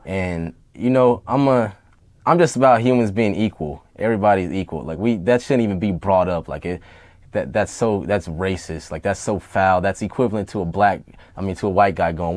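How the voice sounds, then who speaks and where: A man's voice: lowish voice, brisk, no echo. A man talking as a rapper guest in an interview, blunt, profane and heated, with many fillers. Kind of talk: casual interview talk.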